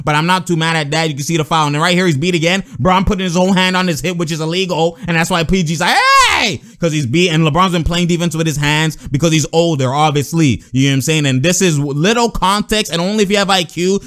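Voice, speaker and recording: Animated young man breaking down basketball. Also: fairly high pitch, clean tone. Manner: animated, laughs often, slangy, repeats phrases. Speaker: basketball commentator reacting to game clips. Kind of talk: casual reaction commentary.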